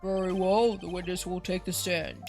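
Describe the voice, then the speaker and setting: A woman's voice: fairly low pitch, fairly even intonation, moderate pace, gravelly, darkish tone, faint music behind, pitched below the performer's own voice. A woman voicing an older male judge with formal courtroom delivery.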